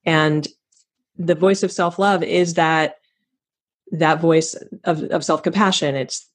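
A woman hosting a podcast, speaking in a thoughtful, affirming and measured way. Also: sits low, steady tone. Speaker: podcast host. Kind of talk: reflective interview chat.

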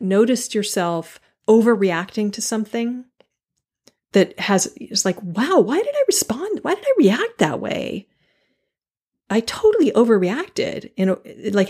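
Woman, podcast host, solo monologue, earnest, animated, emphatic repeats, middle pitch.

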